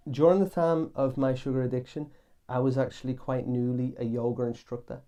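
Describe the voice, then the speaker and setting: A man's voice: mid-range voice, fairly quick, mellow. A young man hosting a podcast, giving casual self-help advice in an earnest, emphatic way and repeating his key phrases. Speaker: podcast host.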